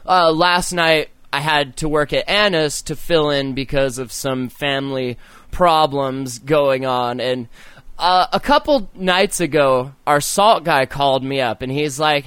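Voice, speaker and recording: A man's voice: fairly high pitch, a bit bright, clear, resonant tone, dry recording. A man hosting a podcast, telling crude stories in casual chat, swearing often and laughing at his own tales. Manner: profane, rambling, laughing storyteller. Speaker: podcast host.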